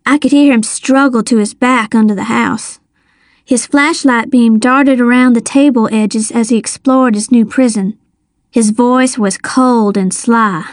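A woman narrating a first-person adventure story with measured suspense. Her voice sits fairly high and moves slowly. The close studio sound is dry, with no room in it. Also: fairly even intonation, dry recording. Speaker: audiobook narrator.

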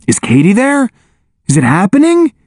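Man voicing an excited soldier commander, higher pitch. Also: normal speed, no room sound, clean studio sound. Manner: emotional, eager. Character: excited young male soldier, tank commander.

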